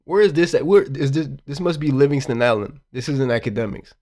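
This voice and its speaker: A man hosting reaction commentary, animated and slangy, swearing and talking straight to his viewers. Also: medium pitch, fairly quick. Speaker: commentary host.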